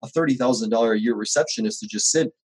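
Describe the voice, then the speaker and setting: A husky-voiced man talks quickly in a casual podcast chat, dropping into other people's voices as he tells stories about his small contracting business. His tone is mid-pitched and conversational, full of little asides. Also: rough recording. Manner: animated storyteller, acts out quoted voices. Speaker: home service contractor guest.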